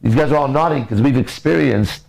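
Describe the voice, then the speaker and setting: Blunt, gravelly-voiced male coach. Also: medium pitch, a little fast, low-quality recording. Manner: blunt, profane, lively storytelling. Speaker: mindset and relationship coach. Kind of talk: casual podcast advice talk.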